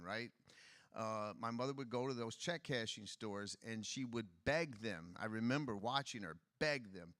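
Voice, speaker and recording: A man's voice: on the low side, sharp tone, no echo, clean studio sound. A man running for office, speaking candidly about his life at a conference interview. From Detroit, USA. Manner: candid, personal storytelling. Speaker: political candidate. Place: conference stage.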